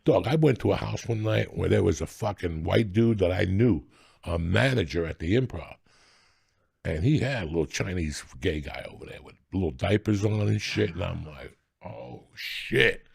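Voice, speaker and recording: A man's voice: low voice, animated, normal speed, creaky, darkish tone, breathy edge, no echo, clean studio sound. A middle-aged man, a comedian hosting a podcast, telling raw and profane stories in casual chat.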